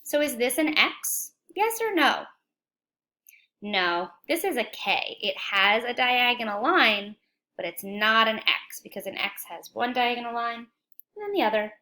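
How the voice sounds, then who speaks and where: A woman teaching a children's phonics lesson, speaking slowly and clearly, encouraging and asking young viewers questions. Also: fairly high pitch, expressive, sharp tone. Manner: slow, clear, encouraging, asks questions to kids.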